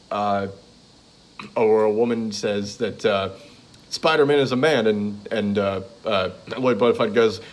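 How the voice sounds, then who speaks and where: A man casually reading off a list of comedy tracks, stalling often with "uh" and "let's see" as he goes. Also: medium pitch. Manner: hesitant, many "uh" and "let's see". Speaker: comedy show fan.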